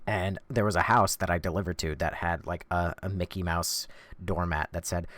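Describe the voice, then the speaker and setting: A game streamer with a low voice chats and jokes while playing a video game and reading chat, speaking at normal speed in a dry recording. His casual commentary is animated and chatty.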